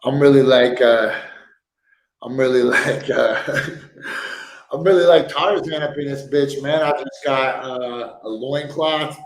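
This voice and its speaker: In a casual livestream from a sparsely furnished, echoey room at home, a man talks at a measured pace in a medium-pitched voice, with slight background noise. He rambles through stories, jokes around, and laughs often.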